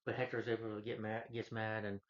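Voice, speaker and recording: A man's voice: fairly low pitch, completely flat delivery, fast. Rambling man retelling a film plot. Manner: rambling, with frequent restarts. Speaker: film reviewer. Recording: dull lo-fi recording.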